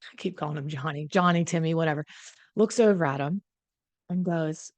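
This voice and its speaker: A woman host telling a story in a casual, animated way, chatty and prone to repeating herself. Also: deep voice, a little fast, dry recording.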